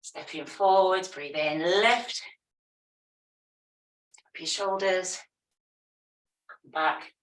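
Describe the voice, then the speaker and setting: A woman teaching a yoga class, giving calm, step-by-step movement and breathing cues. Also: lowish voice, extremely slow, long pauses. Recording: echoey room, voice from a distance.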